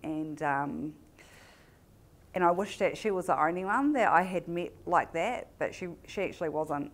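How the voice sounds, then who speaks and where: A New Zealand woman with a notably low, deep-set voice speaks at a community event. She tells a personal story in a lively way and slips into the voices of the people in it. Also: normal speed. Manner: lively storyteller who acts out remembered dialogue.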